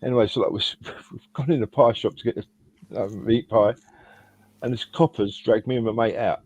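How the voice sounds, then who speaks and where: A man's voice: lowish voice, steady tone, a little fast, a little mellow, dry recording. A man on a fan podcast panel, telling a rambling story in casual chat with frequent restarts. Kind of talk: casual anecdote. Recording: dull lo-fi sound.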